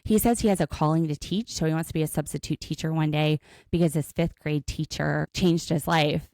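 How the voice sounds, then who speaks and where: Gravelly woman recapping a show. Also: low voice, a little fast, dry recording. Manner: animated storytelling, acts out quotes. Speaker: podcast co-host. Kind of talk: casual recap chat.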